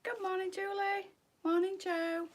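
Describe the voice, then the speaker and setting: A woman's voice: very high voice, little pitch movement, unhurried. A woman hosting a boutique clothing live stream, chatting and greeting viewers by name in an affectionate, gushing way.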